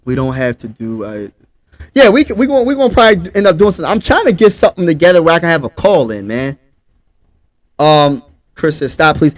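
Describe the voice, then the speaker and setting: A man's voice: fairly high pitch, very animated, fast talker, dry recording. A man from Pennsylvania, hosting a casual livestream sports talk show and talking straight to his chat in a hyped way.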